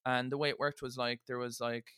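A young Irish man hosting a podcast, telling jokey nostalgic stories in a casual, animated way. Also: medium pitch, brisk, smooth, dry recording, clean studio sound. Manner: animated, jokey, slips into exaggerated voices for quotes. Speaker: podcast host. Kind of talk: casual chat, nostalgic storytelling.

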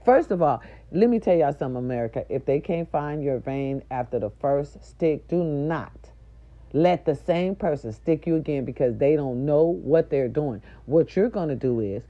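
A middle-aged woman, a nurse aide, telling viewers a story in a loud, profane, indignant rant. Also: low voice, animated, normal speed. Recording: dull lo-fi recording.

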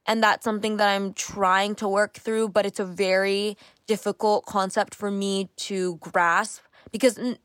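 Young woman host in her twenties, mid pitch, candid self-reflective solo podcast talk, dry close recording. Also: fairly bright tone, no echo. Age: 20s. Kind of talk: casual solo podcast monologue.

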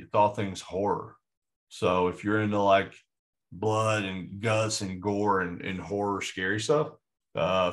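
A man co-hosting a movie podcast in casual chat, excitable and rambling with frequent restarts. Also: fairly low pitch. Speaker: podcast co-host.

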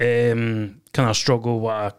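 A Scottish man talking as a podcast guest in a halting way, filling his sentences with "you know" and "obviously". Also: medium pitch, flat delivery, clear, resonant tone. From Scotland. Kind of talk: casual podcast interview.

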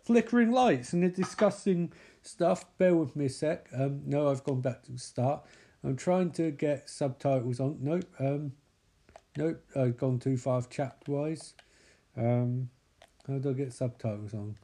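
A man giving sarcastic, casual running commentary on a film, swearing and getting excitable as he watches. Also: mid-range voice, a little slow. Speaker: movie reaction commentator. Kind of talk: casual live movie commentary.

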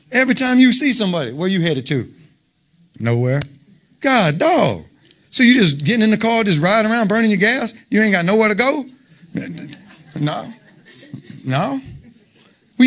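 Man, informal sermon, emphatic, rhetorical questions, slightly high pitch. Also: big pitch swings, fairly quick, fairly bright tone. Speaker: preacher.

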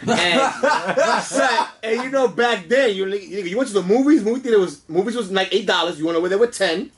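A man's voice: high-pitched, a little fast. A man telling stories in a casual podcast chat, full of street slang and laughing often. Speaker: podcast co-host.

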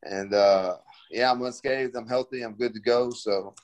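A man's voice: mid-range voice, steady tone, normal speed. A young man, a fighter, answering interview questions in a laid-back, slangy way full of fillers.

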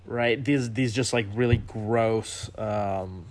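Guest guy on a podcast, lowish voice, agreeing a lot, casual. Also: steady tone, takes it slowly. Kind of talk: casual book discussion.

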